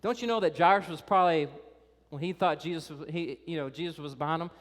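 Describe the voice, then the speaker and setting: A pastor preaching a sermon in a conversational, animated way, talking directly to the kids and teenagers in the congregation. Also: male voice, on the high side, fast talker. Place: church. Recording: reverberant church hall.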